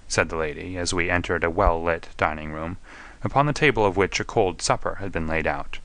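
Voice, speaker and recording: A man narrating an audiobook in a measured, steady storytelling manner. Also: deep voice, no room sound. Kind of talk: audiobook reading.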